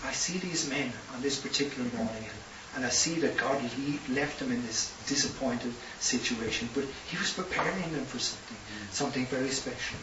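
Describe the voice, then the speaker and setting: An Irish man preaches a sermon, telling stories and building to impassioned emphasis. He speaks a little fast at medium pitch with hardly any pauses, on a roomy, distant, hissy lo-fi recording.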